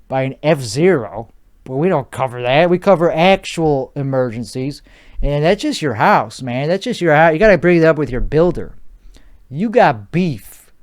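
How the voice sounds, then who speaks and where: A man's voice: a little high, darkish tone, smooth. Crude, rambling man riffing solo. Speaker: podcast host. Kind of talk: solo comedic riff in character.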